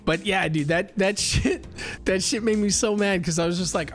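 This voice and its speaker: A young man streaming live, telling an animated, profane story and reading chat. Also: sits high, moderate pace, soft background music. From United States. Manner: animated and profane, acts out heated exchanges.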